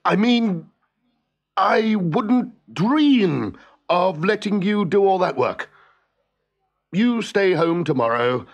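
A man's voice: mid-range voice, big pitch swings, a little slow, smooth. A man voicing a hapless, flustered husband in a storybook reading, wailing and self-pitying. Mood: hasty.

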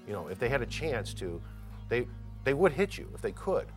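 A man speaking in a measured, deliberate way in a documentary interview. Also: mid-range voice, very animated, faint music behind.

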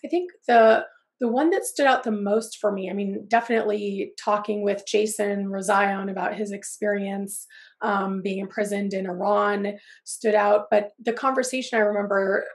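A woman moderates a webinar on press freedom over a video call. Her voice is gravelly and scratchy from a cold, and she talks in a loose, conversational way with frequent ums and restarts. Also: medium pitch, steady tone, moderate pace.

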